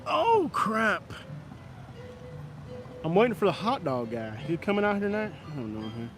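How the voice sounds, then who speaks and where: A man's voice: a little high, very animated, quick pace, faint music behind. A man, chatting casually and rambling to his viewers on a live stream from a downtown street at night, filmed on a camera stand.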